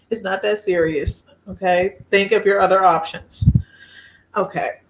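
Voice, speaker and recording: Casting: woman, relaxed live-stream beauty host, easy mid-range voice, frequent laughter. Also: medium pitch, normal speed, a little hiss or hum. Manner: chatty, laughs often, reads out viewer comments. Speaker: beauty vlogger hosting a live chat. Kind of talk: casual live-stream chat.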